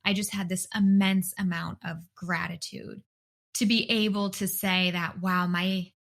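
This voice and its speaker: A woman in her thirties talks alone into a mic in her bedroom for her own podcast. Her voice sits at a middle pitch for a woman. She speaks earnestly and from the heart, often doubling words for emphasis. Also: little pitch movement, measured pace. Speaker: podcast host and dietitian. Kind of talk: solo podcast monologue.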